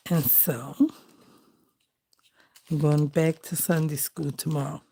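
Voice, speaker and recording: A woman's voice: deep voice, fairly even intonation, slow pace, warm tone, slight background noise. A middle-aged woman, chatting in a heartfelt, folksy way while she crafts for her vlog. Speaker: crafting vlogger. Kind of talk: casual chat while crafting.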